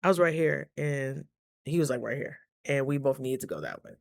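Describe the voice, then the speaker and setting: A woman vlogger telling stories to camera in a casual, animated, slangy way, acting out the voices of the people in them. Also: a bass voice, normal speed, creaky, dry recording, clean studio sound.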